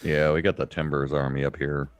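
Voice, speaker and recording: A man's voice: a bass voice, little pitch movement, brisk, no room sound. A man co-hosting a casual gaming stream, easygoing and chatty with short replies. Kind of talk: casual live-stream chat.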